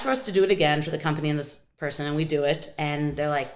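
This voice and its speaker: An American woman, a pitmaster guest on an interview show, telling her story in an animated way and acting out quotes with big jumps in her voice. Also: sits low, rapid-fire. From United States.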